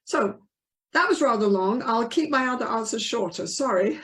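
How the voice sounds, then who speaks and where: A woman's voice: a little high, animated, moderate pace, fairly bright tone. An older woman, a couples therapist, answering interview questions in an earnest, emphatic way and acting out the voices she quotes.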